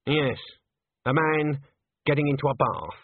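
A man voicing a stern, suspicious old female witch with a sharp, commanding manner. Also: a little high, a little slow, gravelly, breathy edge, no echo, heavily acted. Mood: wary. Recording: dry, tinny phone-like sound.

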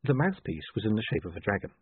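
Husky man narrating a story. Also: on the low side, very animated, fast, dry recording. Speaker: audiobook narrator. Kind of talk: expressive scripted narration. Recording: dry, tinny phone-like line.

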